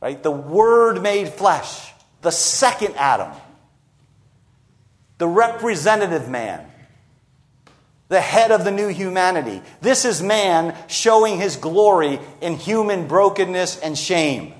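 A man preaching an expository sermon, slowing down and acting out quoted lines for emphasis. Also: high-pitched, lively intonation.

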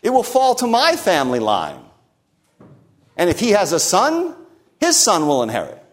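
A man's voice: high voice, huge pitch swings, moderate pace. A preacher voicing a calculating middle-aged kinsman who reasons aloud about a land deal.

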